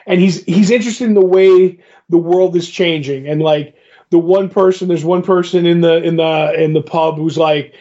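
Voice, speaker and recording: Man, slightly high voice, rambling casual retelling, dull lo-fi sound. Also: steady tone, normal speed, mellow. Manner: rambling, acts out quoted lines. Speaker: podcast co-host. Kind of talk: casual chat, retelling a comic book. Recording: dull lo-fi recording.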